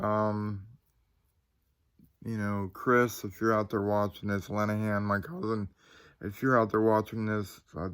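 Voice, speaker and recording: A man in his forties from Ohio tells a ghost story into his phone. His voice sits a little low, and his chat wanders with fillers and asides to his viewers. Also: gravelly, fairly bright tone. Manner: rambling, chatty, addresses viewers with fillers and asides. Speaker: channel host. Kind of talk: casual ghost-story vlog.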